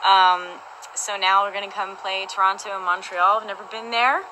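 A woman with a bright, forward tone chats cheerfully on a livestream from home. She is bubbly and laughs easily, and faint noise sits under her voice. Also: medium pitch, flat delivery, normal speed, low-quality recording. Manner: bubbly, chatty, laughs often. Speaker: co-host of a livestream. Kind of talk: casual livestream chat. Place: their home.

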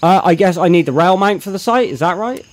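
A man's voice: high voice, animated, fairly quick, no room sound. Chatty man streaming a game. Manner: chatty, thinks aloud, greets chat loudly. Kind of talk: live gameplay commentary.

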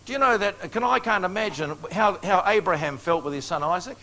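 A man's voice: sits high, lively intonation, a little fast, bright, forceful tone, slight background noise. Older New man preaching folksily. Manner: folksy, joking, chuckles at his own stories. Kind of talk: storytelling sermon.

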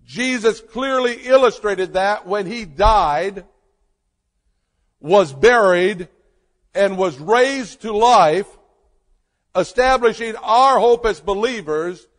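A pastor preaching a sermon with slow, emphatic delivery and dramatic pauses. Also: male voice, high voice, long reverb tail.

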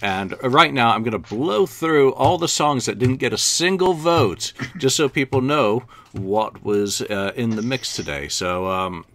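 A man hosting a podcast, briskly reading through a list with dry quips. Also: medium pitch, expressive, a bit bright. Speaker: podcast host. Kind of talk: casual chat, running down a list.

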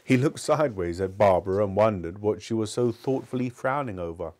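A man hosts a live book club reading, reading a short story in a fairly low voice. When he stops reading, he turns casual and chatty, hesitating over his words. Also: expressive, brisk, darkish tone.

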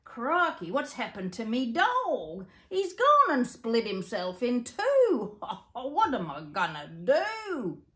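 A woman's voice: on the high side, wildly swooping pitch, takes it slowly, a bit bright, pitched above the performer's own voice, exaggerated voice. Woman doing a flustered old Aussie bushman. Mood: dismayed. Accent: Australian. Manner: exclaiming in dismay, chuckling. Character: dreamy old male bushman, flustered and fond. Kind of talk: storytelling for children.

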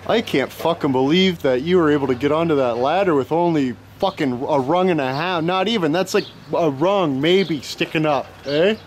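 A man's voice: fairly high pitch, normal speed, hardly any pauses, a little hiss or hum. A young man, filming friends outdoors and joking in crude, profane banter. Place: outdoors at a house. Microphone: handheld camera.

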